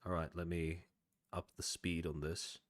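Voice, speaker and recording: Reaction host, male, deep and dry, casual with halting restarts. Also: little pitch movement, no echo. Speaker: commentary host reacting to clips.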